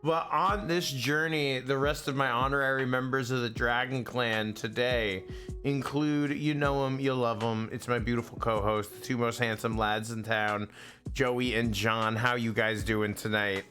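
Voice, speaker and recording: A man hosting a game stream in casual chat. He is excitable, swears freely and laughs often. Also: mid-range voice, measured pace, soft background music. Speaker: stream host.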